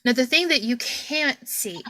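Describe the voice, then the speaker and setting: A woman in her forties, a podcast host, telling a lively story over a video call and acting out the voices of the people in it. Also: sits high, measured pace, low-quality recording. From Kentucky, USA. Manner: animated storyteller, acts out quoted voices, laughs often.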